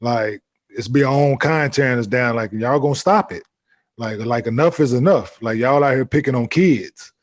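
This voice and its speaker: A man's voice: mid-range voice, moderate pace. A man co-hosting a podcast, chatting casually and making his points emphatically with repeated fillers. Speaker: podcast co-host.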